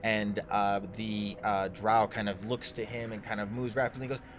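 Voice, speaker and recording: A man with a low voice runs a tabletop game as dungeon master, improvising the scene as he goes. His narration is halting and loose, and it is recorded for a livestream with a faint noise underneath. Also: little pitch movement.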